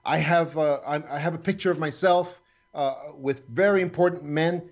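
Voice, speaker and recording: A man's voice: fairly high pitch, normal speed, highs cut off, voice pushed up. A man voicing a frantic, sinister man who keeps urgently coaxing someone to come inside. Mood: urgent pleading. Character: frantic pleading middle-aged man, sinister.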